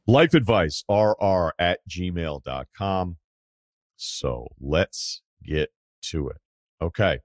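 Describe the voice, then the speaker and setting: Deep-voiced wry male podcast host. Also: lively intonation, slow pace, dry recording, clean studio sound. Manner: wry and conversational, with asides and mock quotes. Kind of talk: casual advice podcast, reading listener emails.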